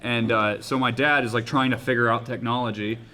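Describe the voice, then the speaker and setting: A man's voice: medium pitch, fairly even intonation, a little fast, pushed and bright. A man co-hosting a podcast, telling a crude story in casual banter, laughing as he goes. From small rural town. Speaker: podcast co-host.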